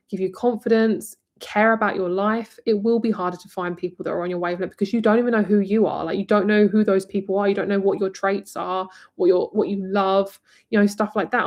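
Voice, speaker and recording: A woman's voice: medium pitch, dull audio. Chatty English woman reading tarot live. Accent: southern English. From England, near London. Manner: chatty and rambling, full of "like" and "um", calls the viewer "my lovely" and "girl". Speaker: tarot reader. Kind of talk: live-stream tarot reading, talking to viewers.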